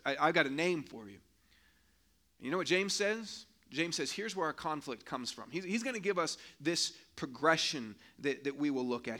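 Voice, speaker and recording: A middle-aged man delivers a sermon in an easy, conversational way. His voice sits high and sounds bright. He acts out quotes and throws rhetorical questions at the congregation. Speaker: pastor.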